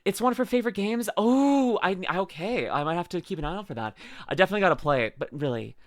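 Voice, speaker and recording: A woman's voice: lowish voice, expressive, fast. A young Canadian woman with a Canadian accent, chatting casually with viewers on a livestream, bubbly and giggly, calling people darling and bud. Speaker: VTuber streamer.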